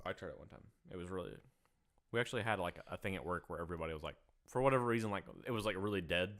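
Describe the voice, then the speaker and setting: A man co-hosting a podcast in casual chat, joking around and often trailing off into low mumbles. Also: rapid-fire, a bit bright. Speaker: podcast co-host.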